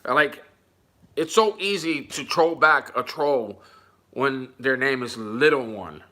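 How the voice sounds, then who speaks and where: A man's voice: medium pitch, slow, sharp tone. A man livestreaming, reading viewer comments aloud in casual chat and mocking a troll with jokes and frequent laughter. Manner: mocking, jokey, laughs often.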